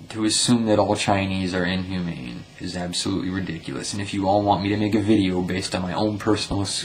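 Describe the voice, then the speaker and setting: Low gravelly blunt-talking man. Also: slight background noise, rough recording. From United States. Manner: blunt and profane, swears at commenters; stumbling restarts. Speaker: vlogger reading viewer comments. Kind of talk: angry commentary vlog.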